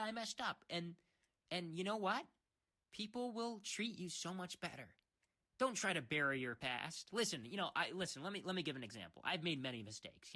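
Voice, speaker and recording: Bright-voiced man rambling in mock seriousness. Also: on the high side. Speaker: world creator narrating a puzzle. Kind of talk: rambling comedic monologue.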